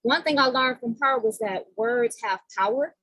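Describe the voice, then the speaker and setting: A woman's voice: fairly high pitch, moderate pace, fairly bright tone, dry recording, rough recording. A woman chatting on a group call, talking aloud while she searches for something to share. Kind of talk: casual chat on a group call.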